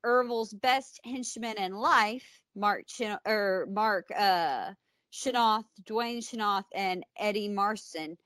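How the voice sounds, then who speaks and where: A woman's voice: mid-range voice, slow, a bit bright, dry recording, studio quality. A woman with an American accent, co-hosting a podcast and recapping a true-crime story in a casual, blunt, conversational way. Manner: conversational, blunt, with fillers and asides. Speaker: podcast co-host.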